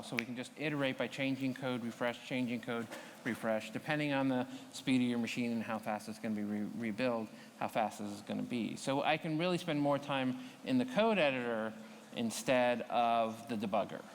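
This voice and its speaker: A man presents a live coding demo at a tech conference, explaining each step in a relaxed, conversational way and checking in with the audience. His voice sits at an ordinary middle pitch. It carries the long tail of a large hall, with a faint ambient hiss underneath. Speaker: conference speaker.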